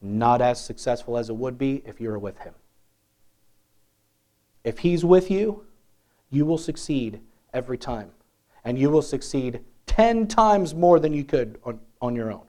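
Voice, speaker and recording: A man preaching a sermon in a lively, conversational way, often asking the congregation questions. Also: medium pitch, measured pace, long pauses. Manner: animated, conversational, asks the crowd questions.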